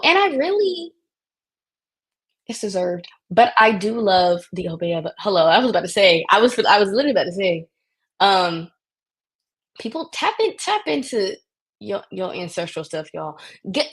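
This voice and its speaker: Husky-voiced woman in lively chat. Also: medium pitch. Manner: animated, restarts often when speaking her mind. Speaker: guest. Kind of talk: casual podcast chat.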